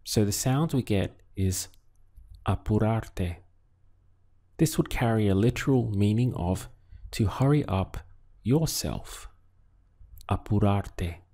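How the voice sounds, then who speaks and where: Man, language teacher, scripted lesson, calm and measured, lowish pitch, dark mellow tone. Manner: calm, measured, prompting the listener to answer. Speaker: Spanish teacher.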